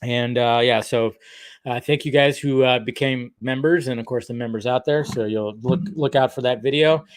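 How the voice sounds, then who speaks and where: A man's voice: mid-range voice, fairly even intonation, normal speed. A man hosting a casual livestream, rambling and self-deprecating as he chats with viewers. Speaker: YouTube livestream host.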